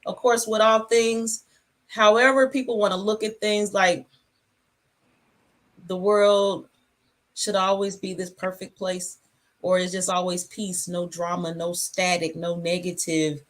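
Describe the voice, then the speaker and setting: A woman hosting a casual livestream from her home, talking in a relaxed, rambling, reflective way. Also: medium pitch, measured pace. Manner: talks with food in her mouth. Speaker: channel host.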